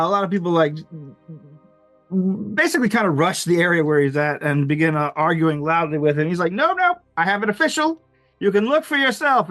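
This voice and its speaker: A man narrating as game master of a tabletop game, lively and chuckling, with many fillers. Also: a little high, no echo.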